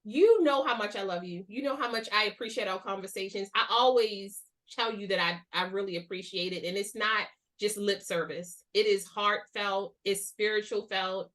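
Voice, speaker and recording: A woman in her thirties hosting a podcast, chatting casually with a friend in a playful, expressive way with plenty of laughs. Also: mid-range voice, moderate pace, hardly any pauses. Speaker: podcast host. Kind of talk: casual chat between friends.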